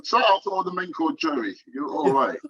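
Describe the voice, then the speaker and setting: Laughing easily, an open, relaxed podcast guest from Nottingham, England, talks in a casual chat. His voice is fairly bright and on the high side, with lo-fi sound quality.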